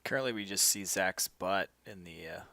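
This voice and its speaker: A man's voice: deep voice, moderate pace, gravelly, sharp tone, no room sound. A man hosting a tabletop game stream, chatting casually and talking to his viewers. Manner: upbeat, addresses the viewers. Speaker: stream host and player.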